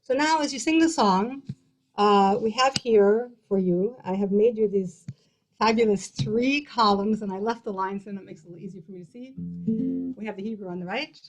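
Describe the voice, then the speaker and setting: A woman's voice: medium pitch, normal speed, soft background music, low-quality recording. A woman cantor teaching a song over a video call, explaining in a chatty way with fillers and restarts. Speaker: cantor and guest host.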